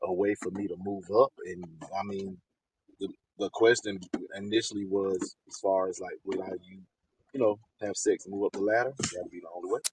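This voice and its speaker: A man co-hosting a podcast in casual chat, speaking in with loud, profane, animated banter. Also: low-pitched, a little fast, breathy edge, no room sound, low-quality recording. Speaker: podcast co-host.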